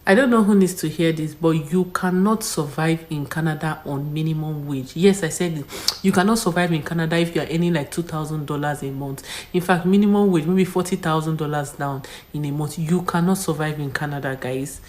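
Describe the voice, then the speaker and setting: A woman's voice: low-pitched, fairly quick, darkish tone. A woman vlogger giving firm, lecturing advice to her viewers. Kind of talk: advice monologue to camera.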